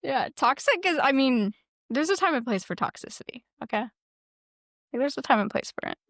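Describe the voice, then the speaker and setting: Woman co-host with a gravelly voice and dry close sound, profane and animated storyteller. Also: sits high, fairly quick, no echo. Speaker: podcast co-host. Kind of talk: casual podcast chat.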